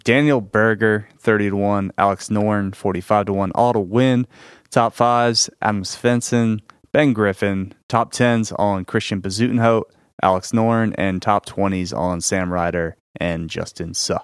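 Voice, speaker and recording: Co-host: a low-voiced, laid-back man, matter-of-fact and dry, recorded close and dead. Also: fairly even intonation, moderate pace, smooth, dry recording. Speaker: podcast co-host, golf tipster. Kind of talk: casual golf betting chat.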